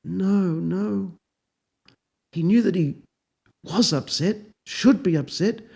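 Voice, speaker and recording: A man, a professor, narrating a story in a dry, deadpan, unhurried manner. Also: high-pitched, gravelly, husky.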